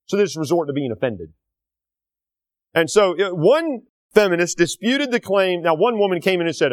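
A man preaching a sermon, indignant and animated, with sarcastic asides. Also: high voice, moderate pace, no echo.

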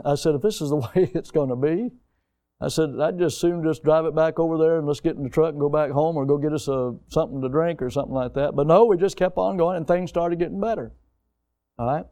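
A middle-aged male pastor preaching with a folksy, storytelling delivery that rises to emphatic lines. His voice sits a little high for a man, with a warm, mellow tone and a smooth, resonant finish. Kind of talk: sermon.

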